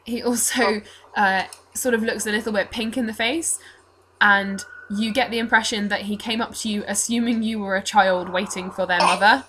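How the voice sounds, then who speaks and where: A woman's voice: medium pitch, fairly even intonation, moderate pace, fairly bright tone, slight background noise. A woman narrating as game master, chatty and loose, with many fillers and restarts.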